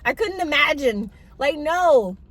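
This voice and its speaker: A woman's voice: high voice, expressive, unhurried, a bit bright. A young woman rambling in a casual, self-mocking vlog while she eats, talking with her mouth full, in a parked car. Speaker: vlogger.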